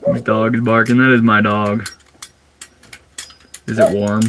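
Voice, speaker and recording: A young man from Minnesota chatting casually on a livestream from his converted school bus, answering viewers in a relaxed way. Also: fairly low pitch, measured pace, noisy background.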